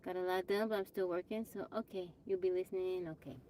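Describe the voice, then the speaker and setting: A fast, fairly even, dark voice on the low side carries this casual livestream, with slight background noise. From her off-grid home, the Texan host chats with viewers on her phone, greets them by name, and flatly dismisses trolls.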